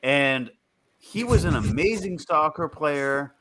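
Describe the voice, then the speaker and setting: Man, panel guest, lively swinging pitch, loud laughs, swears freely. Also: takes it slowly. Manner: animated storyteller, swears, laughs a lot. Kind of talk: casual panel chat.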